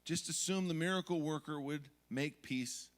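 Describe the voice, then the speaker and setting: A middle-aged man preaching a sermon as pastor, telling stories from family life and acting out yelling moments. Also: on the high side, moderate pace, long reverb tail. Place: church sanctuary.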